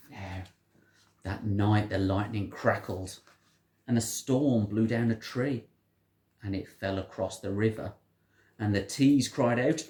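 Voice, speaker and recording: A storyteller reading a picture book aloud to a child in an animated, sing-song way. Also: low voice, slow, pauses often. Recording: roomy echo.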